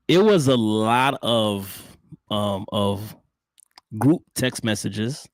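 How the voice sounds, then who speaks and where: A man co-hosting a podcast, telling a story in relaxed, rambling casual chat. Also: on the low side, extremely slow. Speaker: podcast co-host.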